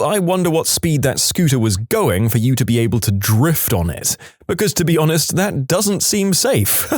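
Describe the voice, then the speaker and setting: A man's voice: lowish voice, a little mellow, no echo. A man narrating a series of short workplace stories in a scripted voice-over, adding his own dry asides between them.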